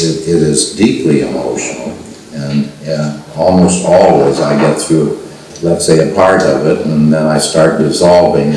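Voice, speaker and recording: An older man telling a personal story to a seminar group, halting and restarting often. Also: a bass voice, darkish tone, slight background noise. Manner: halting, with frequent restarts and fillers. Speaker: seminar speaker. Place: meeting room at a spiritual center. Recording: roomy archival recording from far off.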